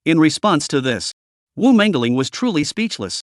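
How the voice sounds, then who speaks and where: A man tells a comic recap in scripted, dramatic storytelling. His voice sits somewhat high and swings widely in pitch. The recording is dry and close, with no room sound. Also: very animated, moderate pace, no echo. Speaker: narrator.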